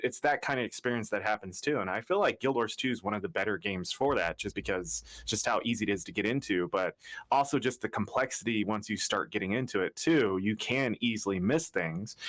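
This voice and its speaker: A young man on a gaming podcast, talking in a relaxed, rambling way. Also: fairly low pitch, brisk. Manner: relaxed, rambling, fillers like "and stuff". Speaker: podcast guest. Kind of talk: casual podcast chat.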